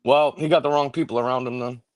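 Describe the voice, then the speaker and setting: A man's voice: mid-range voice, fairly even intonation, fast, dry recording. A man hosting a late-night show, talking loosely and profanely about sports in casual chat. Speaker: show host.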